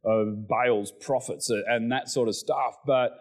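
A middle-aged man preaching a sermon, animated, with excited exclamations and humorous asides. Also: medium pitch, slow. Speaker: pastor.

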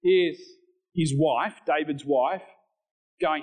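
A man's voice: moderate pace, poor audio. A man preaching a sermon, reading scripture and talking directly to the congregation. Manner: animated preaching, rises in pitch on scripture; conversational asides to the congregation. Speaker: pastor.

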